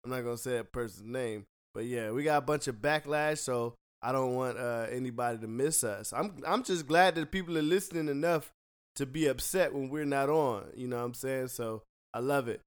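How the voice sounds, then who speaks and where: A man's voice: mid-range voice, a little fast, clean tone. A man hosting a casual podcast from a home studio, loose and joking, laughing often. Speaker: podcast host.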